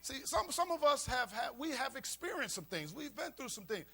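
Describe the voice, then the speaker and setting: A man's voice: very high voice, very animated, moderate pace, bright, forceful tone, slightly rough. A man pastor preaching a sermon, repeating key lines for emphasis. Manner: preaching with call-and-response emphasis and repetition.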